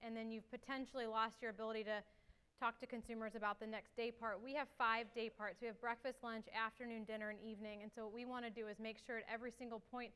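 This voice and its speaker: A young woman giving an energetic conference talk and answering questions, a little out of breath. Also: on the high side, smooth. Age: young adult. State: slightly out of breath. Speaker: marketing executive speaker.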